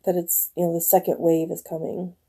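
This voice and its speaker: A woman in her forties chats with her viewers at home, rambling from one thing to the next and breaking into easy laughter. Her voice is very mellow and a little low. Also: monotone, slightly rough. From northern Michigan. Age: 40s. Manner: chatty, rambling, quick to laugh. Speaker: live-stream host. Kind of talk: casual chat with viewers.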